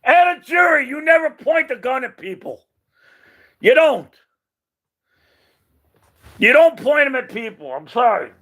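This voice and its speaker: A man's voice: very high-pitched, sing-song, a little slow, long pauses, pushed and bright. A man hosting his own channel, talking off the cuff in an emphatic, rambling way, repeating himself and groping for names. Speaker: channel host. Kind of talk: unscripted opinion monologue.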